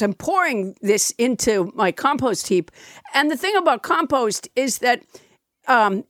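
A woman's voice: a little high, dry recording, clean studio sound. A woman co-hosting a podcast, telling a story in a rambling, amused way. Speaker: podcast co-host. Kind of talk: casual chat.

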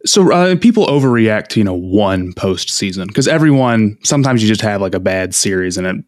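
Measured low-voiced man in sports chat. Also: expressive, no echo, clean studio sound.

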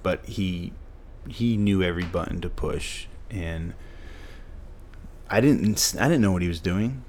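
A middle-aged former football player from Massachusetts tells stories as a guest in a podcast conversation. He's emphatic and likes repeating phrases for punch. His voice sits low and a little mellow, and he talks a little slowly.

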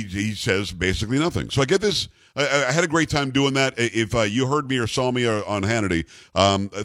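A man hosting a radio talk show with a bass voice, telling stories casually and jokingly, doing voices for the people in them. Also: dry recording. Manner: animated, jokey, puts on voices for the people in his stories. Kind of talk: casual on-air storytelling. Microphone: studio microphone.

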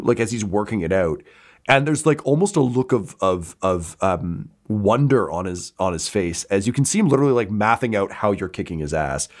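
A man narrating as game master, rambling with many ums and likes. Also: on the low side.

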